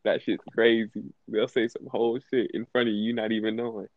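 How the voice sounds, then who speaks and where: A man's voice: on the low side, little pitch movement, brisk, no room sound. Rambling male co-host, dry muffled sound. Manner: rambling, fills with "like", profane. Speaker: podcast co-host. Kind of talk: casual podcast chat. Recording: dry, dull lo-fi audio.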